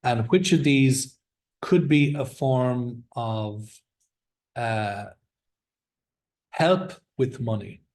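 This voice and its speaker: A man leads an English vocabulary class at an unhurried pace, taking his time over each word. He encourages the students and has them repeat words after him, speaking at a middling pitch. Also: darkish tone. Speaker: English teacher.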